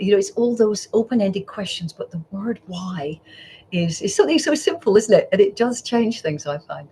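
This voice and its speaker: A woman's voice: medium pitch, lively intonation, normal speed, a little hiss or hum. A middle-aged woman psychologist, a podcast guest who tells stories and acts out the voices in them. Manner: warm storyteller, acts out quoted voices. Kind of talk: podcast interview.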